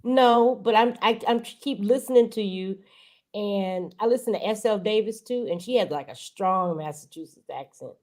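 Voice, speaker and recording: Chatting casually on a live stream as a guest YouTuber, this Los Angeles, California woman poses friendly, inquisitive questions. She speaks at a moderate pace in a medium-pitched, slightly mellow voice.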